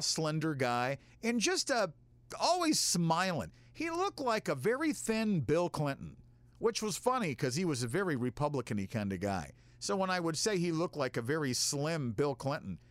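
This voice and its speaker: A radio host telling a profane, self-mocking comic story in a casual way. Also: male voice, high-pitched, no echo.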